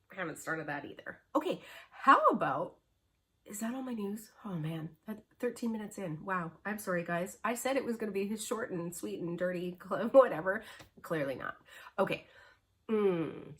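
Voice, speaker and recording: A woman's voice: medium pitch, normal speed. A middle-aged woman vlogging about cross-stitch in a casual, rambling chat full of fillers. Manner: rambling, chatty storytelling with many fillers.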